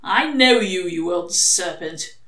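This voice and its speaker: A woman's voice: on the low side, lively intonation, takes it slowly, a bit bright. A woman voicing a fussy, prim male angel who frets and dithers. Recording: echoey room.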